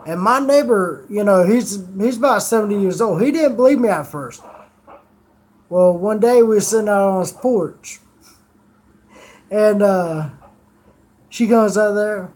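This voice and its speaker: Slow-talking high-voiced man chatting. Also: darkish tone. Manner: rambling storyteller, swears freely. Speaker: streamer. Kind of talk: casual chat.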